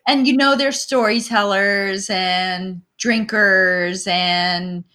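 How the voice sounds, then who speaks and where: A woman's voice: medium pitch, fairly even intonation, slow, pushed and bright. A woman hosting a casual chat, reflective, drawing out her guest.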